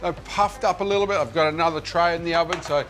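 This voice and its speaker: A man's voice: on the high side, fairly even intonation, quick pace, fairly bright tone, soft background music. An Australian man hosting a cooking show, chatting in a friendly, jokey way as he works, on a lapel mic. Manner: friendly, jokey, thinks aloud while working. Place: kitchen set.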